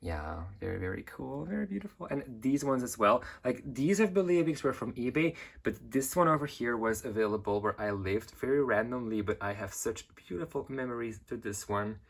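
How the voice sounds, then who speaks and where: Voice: mid-range voice, animated, brisk, creaky, few pauses. A collector in their twenties gives a casual, gushing tour of their shelves, filming one-handed and praising every item over and over. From Belgium. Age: 20s. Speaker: collector vlogger. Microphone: handheld camera held in one hand.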